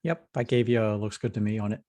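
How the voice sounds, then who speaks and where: A man with a lowish voice chats casually on a video call, telling a story in a relaxed way. The sound is close and dry. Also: quick pace, no room sound. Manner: chatty, storytelling. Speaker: note taker.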